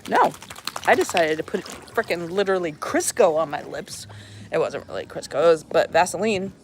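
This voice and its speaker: A woman's voice: fairly low pitch, expressive, moderate pace, slight background noise. Chatty woman vlogging outdoors. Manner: chatty, talks to a dog between asides. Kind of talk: casual vlog chat.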